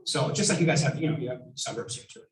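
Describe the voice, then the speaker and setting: Man, real estate coach, animated, acts out scripts, boomy room. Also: fast. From Nashua, New Hampshire. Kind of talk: seminar talk to agents. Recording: echoey room, far from the mic.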